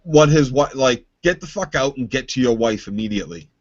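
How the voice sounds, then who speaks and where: A man's voice: medium pitch, lively intonation, a little fast, no echo, highs cut off. A man co-hosting a podcast who gives heated, emphatic opinions full of swearing in casual chat. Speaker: podcast co-host.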